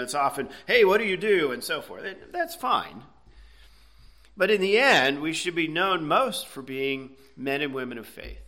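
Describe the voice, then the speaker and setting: Middle-aged pastor guy, bright voice, chatty sermon, keeps asking okay? right?. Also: mid-range voice. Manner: conversational, explanatory preaching with frequent "okay?" and "right?".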